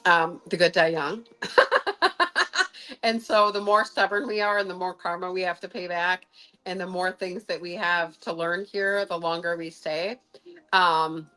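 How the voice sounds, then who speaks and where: A woman's voice: lowish voice, fairly bright tone, rough recording. Chatty woman hosting a livestream. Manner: chatty, rambling, many "um" fillers. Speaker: livestream host and sound healer. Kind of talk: casual livestream chat.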